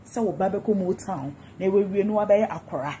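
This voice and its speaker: A woman's voice: medium pitch, a little fast, warm tone, slight background noise. Mocking Ghanaian woman ranting. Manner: mocking, insulting, repetitive taunts. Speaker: social media commentator. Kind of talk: gossip rant vlog.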